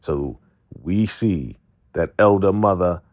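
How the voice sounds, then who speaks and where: A man's voice: deep voice, slow pace, a little mellow, no room sound, clean studio sound. A man casually recapping a TV episode for his viewers, chatty and calling them family. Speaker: recap host.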